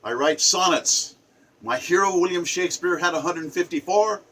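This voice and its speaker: Impassioned high-voiced man ranting. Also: moderate pace. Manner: emphatic, angry, swings between loud outbursts and low murmurs. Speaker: poet. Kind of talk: impassioned spoken rant to camera.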